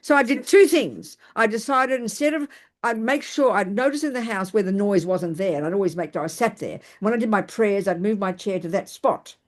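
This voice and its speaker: An older woman, a Buddhist teacher giving a dharma talk. She tells lively, self-mocking personal stories and often restarts her sentences. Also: mid-range voice, a little fast.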